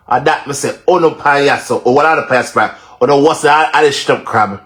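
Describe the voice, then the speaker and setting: A man's voice: mid-range voice, fairly quick, few pauses, a bit bright. A man with a Jamaican accent, rambling in patois on a live stream and repeating himself dramatically.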